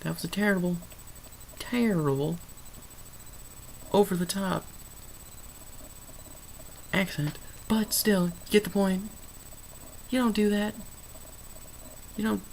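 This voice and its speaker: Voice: mid-range voice, fairly even intonation, slow pace, creaky, pauses often, a little hiss or hum, rough recording. A vlogger rambling through an unscripted movie review, sarcastic and emphatic, often correcting themself mid-sentence. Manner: rambling, stream of consciousness, self-correcting.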